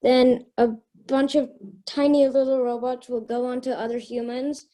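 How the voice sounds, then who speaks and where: A woman's voice: high voice, flat delivery, normal speed, warm tone, poor audio. A young woman improvising a story, hesitant and thinking aloud as she goes. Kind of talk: improvised round-robin storytelling.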